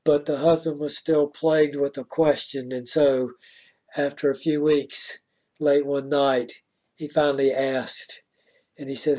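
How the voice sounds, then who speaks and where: Guy preaching a sermon, slightly high voice, slow deliberate storytelling, muffled lo-fi recording. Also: flat delivery, mellow. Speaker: pastor.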